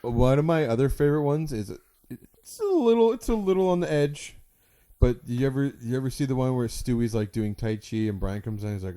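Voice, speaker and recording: A man co-hosting a casual podcast, laughing often and acting out quoted cartoon lines in loud voices. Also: mid-range voice, very animated, brisk. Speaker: podcast co-host. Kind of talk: casual chat.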